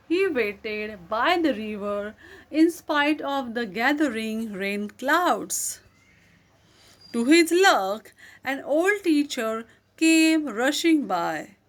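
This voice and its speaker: Woman, children's story read aloud, gentle and deliberate, unhurried delivery. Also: high voice.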